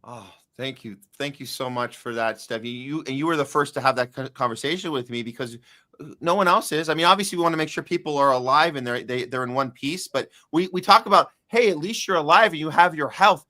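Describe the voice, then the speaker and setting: A man's voice: medium pitch, fast talker, bright, forceful tone, no echo, studio quality. A man hosting a podcast in casual chat, joking and chatty, talking straight to his listeners. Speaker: podcast host.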